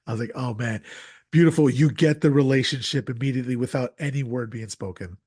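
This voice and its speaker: A podcast host talking about a film in a casual, animated way, with many restarts and wry asides. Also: male voice, mid-range voice, fast talker, slightly rough, dry recording, clean studio sound.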